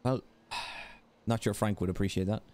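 A man with an Irish accent, a streamer playing a crew leader in game role-play, calm and reasoning. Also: fairly low pitch, normal speed, no room sound. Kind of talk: GTA role-play voice chat.

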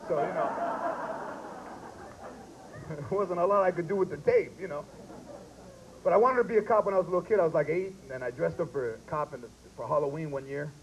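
A man doing a live stand-up comedy set, punchy and quick, slipping into voiced characters. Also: a little high. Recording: dull lo-fi live recording with faint hiss.

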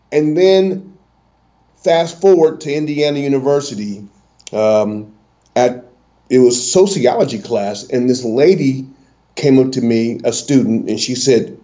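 A middle-aged man with a lifelong stutter, telling his story as a motivational speaker guest, with halting restarts. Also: mid-range voice, warm tone. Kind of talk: storytelling interview answer. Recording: dull lo-fi audio.

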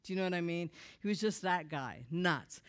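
A woman's voice: on the low side, expressive, normal speed. A woman giving a personal testimony to a church audience, candid and emotional with wry humor.

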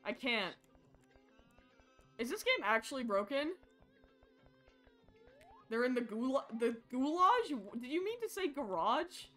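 Excitable high-voiced young woman streamer. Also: unhurried, long pauses, soft background music. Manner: excitable, shrieks and laughs when startled, jokey self-talk. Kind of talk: live horror game commentary.

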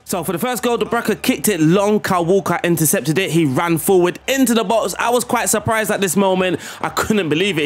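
A man's voice: high-pitched, fairly quick. Male gaming creator, upbeat tactics walkthrough and play-by-play, light music bed. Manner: chatty, excitable, laughs at himself. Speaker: gaming YouTuber. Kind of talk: video game tactics walkthrough and commentary.

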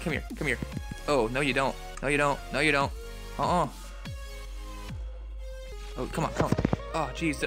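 A young man giving excitable commentary over a game he is playing, trash-talking opponents. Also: mid-range voice, moderate pace, long pauses, over music. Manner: excitable, yelps and trash-talks. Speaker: gaming YouTuber.

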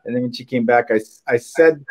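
An older man from Minnesota, a podcast guest, talking in a halting way with many fillers and soft laughs. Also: mid-range voice. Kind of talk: casual interview chat.

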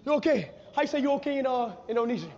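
A young man live-streaming through a haunted house, loud and panicky, swearing and yelling as he goes. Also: extremely high pitch, animated, racing. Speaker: livestreamer. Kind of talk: frantic live-stream reactions. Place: indoor haunted house attraction. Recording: dull lo-fi stream audio, noisy.

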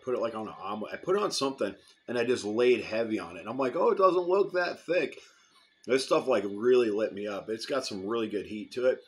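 A man casually reviewing hot sauce, rambling between bites and sips. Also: fairly low pitch. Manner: relaxed, rambling, eating and sipping while talking.

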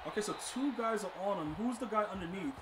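A man streaming a football video game, commenting live and talking to his chat, often exasperated and breaking into loud outbursts. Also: high voice, animated, quick pace, background noise. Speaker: gaming streamer.

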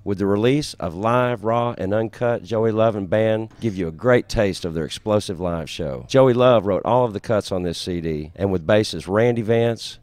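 A man's voice: on the low side, normal speed, hardly any pauses, a little mellow, dry recording. A man reading a scripted promotional voice-over for a record in an upbeat selling tone. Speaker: ad announcer.

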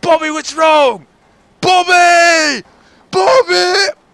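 A man putting on a frantic, desperate voice, shouting and dragging out his pleas to a friend. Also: extremely high pitch, extremely slow, gravelly, noisy background, voice pushed up, heavily acted. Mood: frantic pleading. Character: frantic shrieking person pleading for Bobby.

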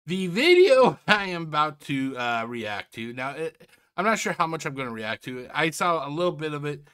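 A man hosts a reaction video from home, chatting loosely with his viewers. His voice sits high for a man and rings very bright and clear. He rambles and drops casual swears. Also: sing-song, normal speed. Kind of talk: casual chat to camera.

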